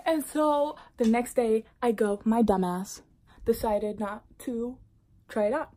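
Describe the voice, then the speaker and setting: Animated woman vlogger telling a story. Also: a little high, measured pace. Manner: animated, with dramatic whispered asides. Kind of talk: casual storytelling to camera.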